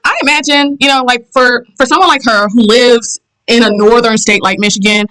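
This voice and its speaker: A woman's voice: fairly high pitch, moderate pace, pushed and bright, poor audio. A woman from the American South with a Southern accent, giving blunt, sassy reaction commentary as the host of her channel. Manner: blunt, sassy, repeats herself for emphasis.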